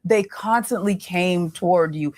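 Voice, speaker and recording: A woman relationship coach talking in a podcast interview, explaining in a measured way with pauses. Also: on the low side, a little mellow.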